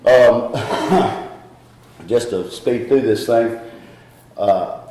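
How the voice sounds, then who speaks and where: A man's voice: mid-range voice, extremely slow, a little mellow, reverberant. A middle-aged man with a Southern US accent gives a candid, rambling personal testimony at a recovery meeting, often laughing at himself.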